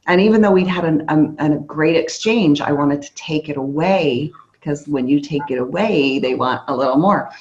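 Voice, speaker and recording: Woman, storytelling sales trainer, low-pitched, muffled lo-fi event audio. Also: normal speed, hardly any pauses. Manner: storytelling, acts out lively quoted dialogue. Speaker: training speaker. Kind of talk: motivational sales training talk.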